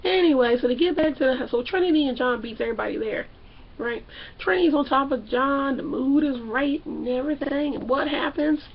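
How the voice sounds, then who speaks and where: A young woman vlogger recapping a reality show in a loud, sassy, animated way, acting out the people she talks about. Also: high voice, a little fast, dull audio, background noise. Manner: loud, sassy, acts out characters. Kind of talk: animated casual recap with acted-out quotes.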